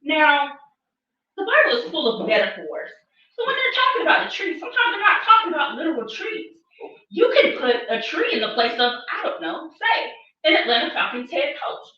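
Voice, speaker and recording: A woman's voice: high-pitched, very animated, fairly quick, bright, forceful tone. A woman giving a playful mock sermon as a comic bishop. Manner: playful preacher delivery, laughs often. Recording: echoey room, distant mic, muffled.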